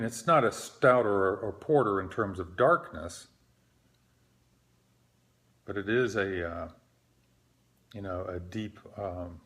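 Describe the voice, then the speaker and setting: A middle-aged man hosting his own beer review show, talking in an unhurried, hesitant way with many fillers and a self-deprecating tone. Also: on the low side. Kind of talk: casual solo beer review.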